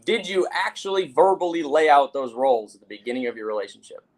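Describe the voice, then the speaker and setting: Podcast host, man, coach type: rapid delivery, direct questions, casual swearing. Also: a little high, animated. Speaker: mental health coach, host.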